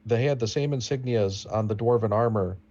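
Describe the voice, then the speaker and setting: A man playing a tabletop game, speaking slowly and hesitantly and restarting his words. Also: lowish voice, dark tone, lo-fi sound. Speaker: player.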